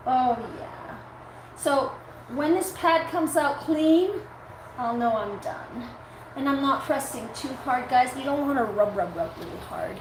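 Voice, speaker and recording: A woman's voice: high voice, takes it slowly, long pauses. Woman dog groomer, live-stream host, casual and cooing, device mic in a noisy, reverberant grooming room. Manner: chatty, coos at the dog between talking to viewers. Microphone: device mic, her own mic not set up. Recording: echoey room with background noise.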